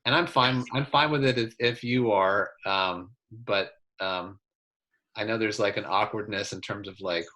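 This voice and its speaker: Male player, lowish voice, weighs his words, pauses often. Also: pushed and bright. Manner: hesitant, considered. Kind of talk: out-of-game group discussion.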